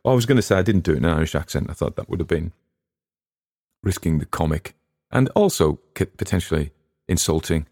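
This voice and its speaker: A man's voice: low voice, expressive, fairly quick, a little mellow, no echo, studio quality. An English man hosting a podcast, chatting casually in a rambling, digressive way with frequent restarts. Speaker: podcast host and reader.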